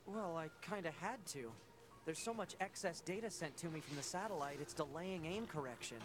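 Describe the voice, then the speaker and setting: A man's voice: on the high side, a little fast, music in the background, natural voice. A man voicing a young male android scout who talks in a casual, grumbling way.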